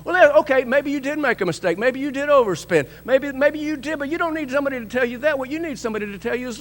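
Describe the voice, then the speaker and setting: A man with a notably high voice preaches with emphatic swings, from loud, high bursts down to soft, low lines. He acts out the voices he quotes and chuckles often. A faint hum sits under the recording. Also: animated, fast, hardly any pauses. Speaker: pastor. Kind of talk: sermon.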